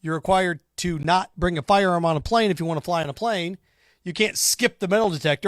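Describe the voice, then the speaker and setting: A man's voice: high-pitched, a little fast, no echo, studio quality. A man hosting a sports talk show, ranting sarcastically and mocking imagined fans. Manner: combative, sarcastic, mocks imagined callers in put-on voices. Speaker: sports radio host. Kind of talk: opinionated sports talk monologue.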